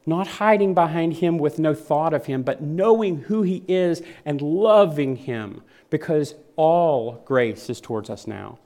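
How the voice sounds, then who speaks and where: A man's voice: a little high, a little slow, few pauses, mellow. A man preaching a sermon in an earnest, vivid manner, often repeating phrases for weight.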